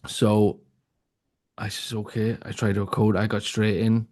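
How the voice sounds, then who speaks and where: A man's voice: on the low side, monotone, measured pace, a little mellow. A man, a podcast host telling a story in casual chat with lots of fillers and restarts. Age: 30s.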